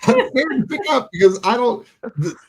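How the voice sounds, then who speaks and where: A man's voice: very high-pitched, expressive, brisk, a little mellow. A man hosting a live call-in show with a lot of lift and fall in his voice. He laughs easily and thanks every caller. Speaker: show co-host.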